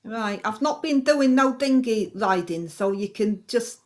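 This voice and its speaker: A woman's voice: a little high, lively intonation, a little slow. A woman voicing a brash, blunt woman politician who hands out advice in a comic radio sketch, talking in casual slang and brushing things off. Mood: brusque. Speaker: agony aunt in a comedy sketch.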